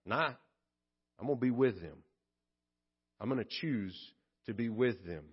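A man voicing God as a calm, resolute, fatherly figure, speaking low and deliberately in plain words. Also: breathy edge, highs cut off.

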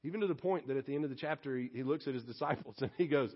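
Speaking very fast and barely pausing, this pastor delivers a joking, chatty sermon in a medium-pitched voice. His congregation hears him in the church sanctuary, and the audio is a little muffled with hall reverberation.

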